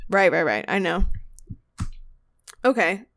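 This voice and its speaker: A woman co-hosting a podcast in casual chat, talking quickly with frequent giggles and rambling asides. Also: fairly low pitch, sing-song, creaky, fairly bright tone. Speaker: podcast co-host.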